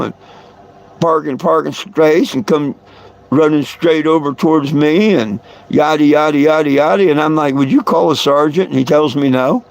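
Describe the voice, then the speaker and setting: A man's voice: fairly high pitch, creaky. A man hosting a live stream, telling a long story in a rambling way and repeating his words. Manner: rambling, repeats words, chuckles between lines. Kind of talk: casual storytelling to viewers.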